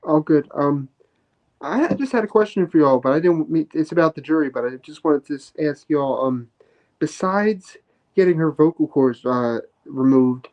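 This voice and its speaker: A man's voice: a little high, animated, moderate pace, lo-fi sound. A man joining a live stream as a guest over a video call. He talks hesitantly, restarting and hedging his points. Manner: hesitant, restarts and hedges often. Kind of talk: casual live-stream chat.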